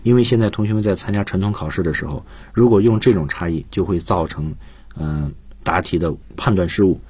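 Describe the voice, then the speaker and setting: A man teaching English on a radio lesson, explaining points in a calm, explanatory way. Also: deep voice, brisk, husky, no echo. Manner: explanatory, switches between Chinese and English.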